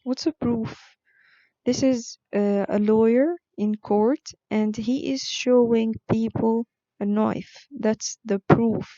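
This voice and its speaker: A woman teaching an online vocabulary lesson, explaining words slowly with frequent fillers. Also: a little high, dark tone, no echo, highs cut off. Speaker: English teacher.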